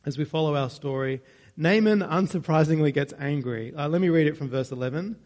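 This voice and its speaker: A man's voice: fairly high pitch, fairly quick, a little mellow. A man preaching a sermon in a conversational way, with joking asides and self-corrections.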